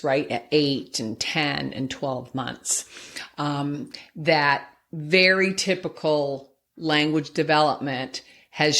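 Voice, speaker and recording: A middle-aged woman speech therapist hosting a podcast, explaining patiently and modeling baby sounds. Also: low-pitched. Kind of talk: instructional podcast talk.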